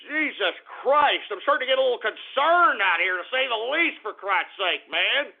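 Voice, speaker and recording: A man's voice: very high-pitched, expressive, measured pace, vocal fry. A man hosting a call-in radio show, ranting in a profane, exasperated way. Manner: profane, exasperated, swears constantly. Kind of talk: call-in talk radio rant. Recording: tinny phone-like radio audio.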